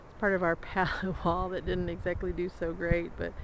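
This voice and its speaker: With a fairly low pitch and a completely flat, brisk delivery, a woman narrates a casual, rambling tour of her homestead outdoors on a small farm among barns and animals. Fillers and small laughs run throughout. A handheld camera mic picks up slight background noise.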